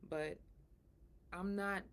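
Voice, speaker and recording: A middle-aged woman hosting her own podcast, talking frankly and emphatically, sore and breathy at times from a recent surgery. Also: medium pitch, steady tone, extremely slow, a bit bright. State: in pain after surgery, soft and breathy at times. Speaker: podcast host. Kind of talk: casual solo talk.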